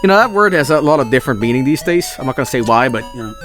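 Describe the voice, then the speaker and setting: A man streams a text adventure, reading the story aloud and riffing on it with loose, cussing jokes. His pitch is lively and wide-ranging, and faint game music plays in the background. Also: racing. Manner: loose, joking, restarts and swears.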